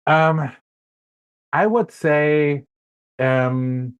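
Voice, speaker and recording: A man with a German accent, a guest in a casual interview, speaking thoughtfully with frequent pauses and fillers. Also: a little high, clear, resonant tone, dull audio.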